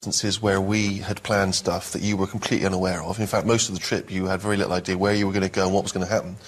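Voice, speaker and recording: A man's voice: sits low, little pitch movement, rapid-fire. A man co-hosting, asking wry, probing questions in casual comedic chat. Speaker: co-host.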